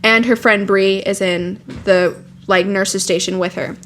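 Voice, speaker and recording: A woman's voice: mid-range voice, measured pace, a little hiss or hum. A young woman co-hosting a podcast, casually retelling a novel's plot with lots of fillers and swearing. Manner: animated retelling with profanity and "like" fillers. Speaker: podcast co-host. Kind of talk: casual book chat.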